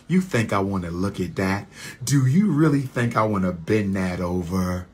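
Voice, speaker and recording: On his own channel, a man launches into a heated rant, repeating lines with a preacher's cadence and lurching from low mutters to loud, high-pitched questions. He is very animated, speaks at normal speed, and sounds slightly rough.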